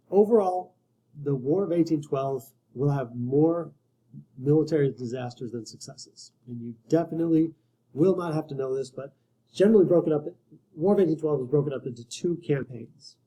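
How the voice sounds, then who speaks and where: A man's voice: on the high side, mellow, rough recording. A man giving a casual history lecture to students, conversational and wry, often restarting his sentences. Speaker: history teacher.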